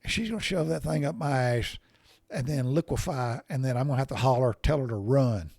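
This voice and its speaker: A man's voice: mid-range voice, brisk, creaky, darkish tone, dry recording. Folksy middle-aged man in a dry room. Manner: folksy, salty, laughs at himself. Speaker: podcast host. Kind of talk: casual storytelling monologue.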